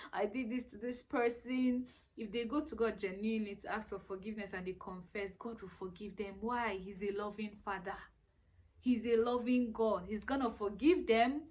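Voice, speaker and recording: A woman's voice: on the high side, a bit bright. A woman in her twenties with a Nigerian accent, giving earnest, pleading life advice in a casual vlog. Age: 20s. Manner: earnest, exhorting, repetitive pleading. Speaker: vlogger. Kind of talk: casual advice talk to camera.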